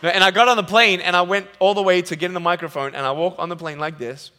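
A man speaking from a stage in a large hall, telling funny stories in an animated sermon. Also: sits high, quick pace. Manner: animated, jokey, acts out quotes. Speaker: motivational speaker. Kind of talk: humorous sermon storytelling. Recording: long hall reverb.

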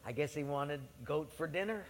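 A man's voice: on the high side, animated, moderate pace. A man preaching a sermon, telling the story with animation and acting out the voices of its people. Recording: long hall reverb.

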